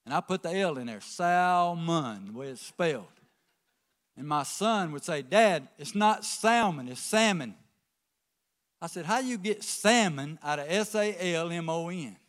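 A man preaching a folksy sermon, swinging from quiet asides to emphatic calls to the congregation. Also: on the high side, animated, moderate pace. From American South. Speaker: pastor.

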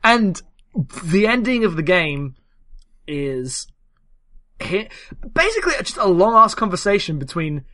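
A man co-hosting a casual conversation about video games, relaxed and often restarting his sentences. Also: sits high. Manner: relaxed, halting, self-correcting.

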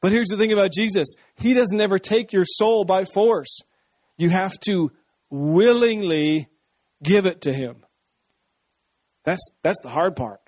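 Animated high-voiced male preacher. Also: measured pace, long pauses, no room sound. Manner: conversational, animated, acts out voices. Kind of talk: sermon.

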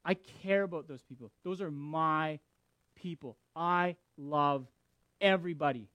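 A man voicing God as a patient male figure who gently reproaches and pleads. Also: on the high side, a little slow, no room sound. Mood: earnest reproach.

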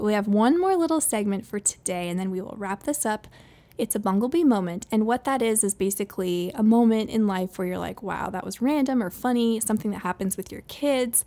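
A woman's voice: medium pitch, darkish tone. A woman in her thirties hosting her own solo podcast. She talks in a chatty, upbeat way, laughs often and acts out the voices in her stories. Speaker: podcast host.

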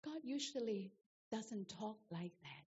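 A woman's voice: mid-range voice, big pitch swings, takes it slowly, darkish tone, in a large hall, dull audio. A woman preacher delivering a sermon, emphatic and repetitive, asking the congregation rhetorical questions.

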